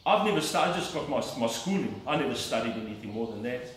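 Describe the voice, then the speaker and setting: A man's voice: mid-range voice, lively intonation, fast, far from the mic, slight background noise. Earnest man preaching in echoey hall. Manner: earnest, emphatic storytelling. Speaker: lay preacher giving testimony. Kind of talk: personal testimony from the pulpit.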